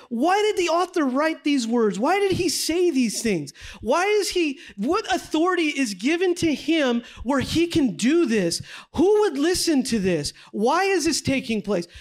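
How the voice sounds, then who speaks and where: High-pitched man leading a Bible study class, energetic and chatty, quizzes his listeners as he goes. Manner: energetic, conversational, asks the group questions. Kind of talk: classroom teaching with slides. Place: classroom with a group.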